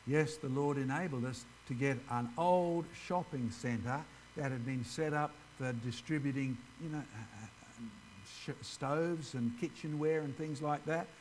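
A man's voice: on the high side, a little slow, slight background noise, low-quality recording. A man giving an informal ministry presentation, chatting directly with his audience. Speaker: creationist ministry speaker.

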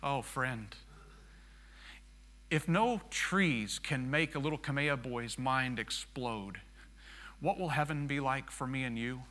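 Bright-voiced man telling a lively sermon story. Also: medium pitch, slow, pauses often. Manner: animated storyteller who acts out the dialogue and turns soft and hushed for reflection. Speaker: missionary pilot preaching.

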